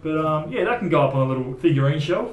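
A man's voice: a little high, animated, fast talker. A young man co-hosting a casual vlog, laid-back in manner as he shows off cheap finds. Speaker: co-host. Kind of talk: casual chat. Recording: echoey room with faint music.

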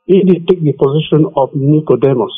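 Emphatic preacher on a tinny phone line. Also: male voice, on the high side, brisk, husky. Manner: emphatic, repeats scripture. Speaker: evangelist. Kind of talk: radio preaching.

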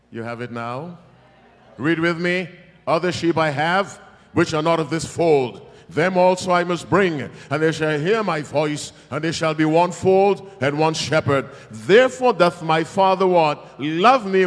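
A male preacher giving a revival sermon, emphatic and teasing, with sudden loud bursts. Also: on the high side. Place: large church hall. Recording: long church hall reverb.

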